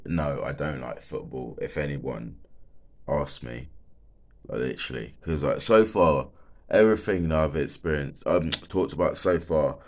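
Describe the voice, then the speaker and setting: A young man, a bit stoned, rambling casually and swearing a lot, peppering every sentence with filler words. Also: rumbling low. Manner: rambling, swears a lot, fills with "like, literally" and "mate". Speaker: former football stadium security worker.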